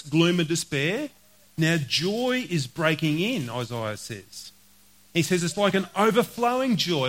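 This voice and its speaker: Earnest man preaching, higher voice. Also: a bit bright, poor audio. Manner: earnest, repeats key phrases, slows for scripture quotes. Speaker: pastor. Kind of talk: sermon.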